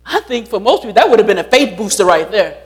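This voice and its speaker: A man's voice: high voice, animated, quick pace. A pastor preaching a sermon, repeating his key lines and putting rhetorical questions to the congregation.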